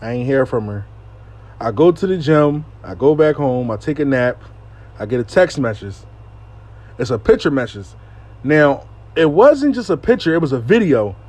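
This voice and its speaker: A man telling a casual storytime monologue, animated and profane, acting out what people said. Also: mid-range voice, normal speed, no echo.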